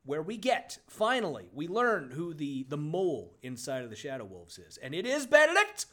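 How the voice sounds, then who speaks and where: A man co-hosting a casual podcast, riffing sarcastically. His voice sits high and leaps around a lot as he gets worked up. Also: moderate pace. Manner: excitable, sarcastic, loud bursts of laughter. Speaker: podcast co-host. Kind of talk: casual chat.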